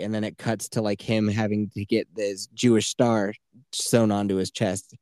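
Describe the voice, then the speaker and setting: A man's voice: on the low side, lively intonation, a little slow, mellow, no room sound, clean studio sound. A man co-hosting a podcast, telling stories in a loose, profane way and slipping into quoted voices. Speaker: podcast co-host. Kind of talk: casual chat.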